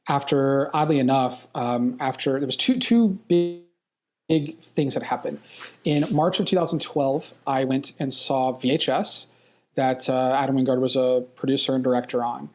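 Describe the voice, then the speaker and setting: A man's voice: mid-range voice, a little mellow. A man talking as a filmmaker guest in a casual interview, enthusiastic and rambling, from a hotel room. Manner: enthusiastic, rambling, quick bursts.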